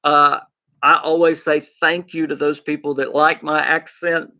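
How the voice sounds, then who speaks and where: A man with an Arkansas Southern accent hosting a gaming podcast, chatting excitedly and rambling as he talks to his live chat. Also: fairly high pitch, measured pace. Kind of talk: casual live-stream chat.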